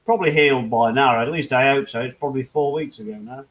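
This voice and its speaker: A man's voice: mid-range voice, fast talker, rough recording. A man from the UK chatting casually with friends, rambling through stories, swearing freely and laughing at himself. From United Kingdom. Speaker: hangout host. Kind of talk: casual chat among friends.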